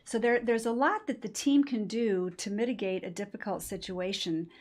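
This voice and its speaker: Speaking at a normal speed with a medium pitch and fairly even intonation, a woman who trains staff on patient experience makes her points emphatically in an interview. She acts out the lines she quotes.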